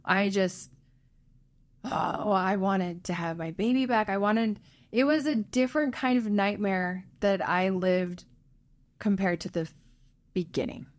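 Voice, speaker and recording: A woman, a guest on an interview, telling her own emotional story in an earnest, halting way, her voice sinking low at the hardest parts. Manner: earnest, halting, voice dropping low at hard moments. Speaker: interview guest, birth mother.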